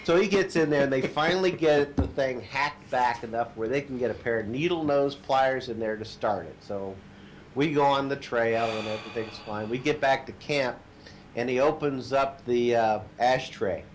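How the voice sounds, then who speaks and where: A man telling a long, funny anecdote in casual chat, shouting out the quoted lines with gusto. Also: medium pitch, moderate pace, a little hiss or hum. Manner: animated storyteller, shouts quoted lines, laughs at own stories.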